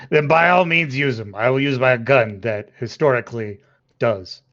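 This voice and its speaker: A man's voice: medium pitch, unhurried, fairly bright tone. Joking, swearing man at the game table. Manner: joking, profane, laughing often. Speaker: player. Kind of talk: casual tabletop play over a call. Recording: muffled online call audio.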